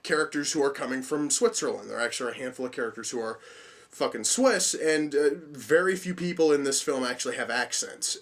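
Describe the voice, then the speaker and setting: A man's voice: mid-range voice, a bit bright. A young man giving a casual spoken movie review, swearing freely and rambling through frequent restarts. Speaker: film reviewer.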